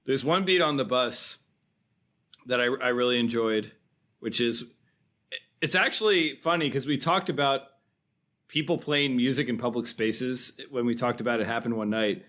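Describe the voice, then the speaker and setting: A man co-hosts a film podcast in a relaxed, chatty way, walking through favorite scenes and chuckling as he goes. His voice sits in an ordinary middle pitch. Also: normal speed. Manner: conversational, chuckles while recounting scenes. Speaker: podcast co-host. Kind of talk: casual film discussion.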